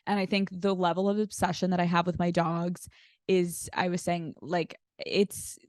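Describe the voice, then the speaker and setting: A woman chatting as a podcast guest, rattling off stories and slipping into little voices for the people she quotes. Her voice sits a bit low for a woman, and it is recorded close and dry with no room sound at all. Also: normal speed, no echo. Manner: animated storyteller acting out quotes. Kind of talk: casual chat.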